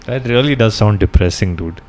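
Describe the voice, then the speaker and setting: A man's voice: lowish voice, brisk, a little mellow, slight background noise. A man in his thirties from India, co-hosting a podcast in a casual, reflective and wry way, swearing now and then. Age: 30s. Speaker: podcast co-host. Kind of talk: casual chat.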